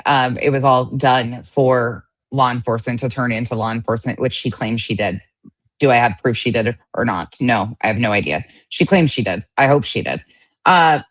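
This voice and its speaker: A woman co-hosting a podcast in an unusually deep register. She is blunt and dismissive, hammering her points home with flat emphasis. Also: dry recording. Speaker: podcast co-host. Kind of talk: casual commentary.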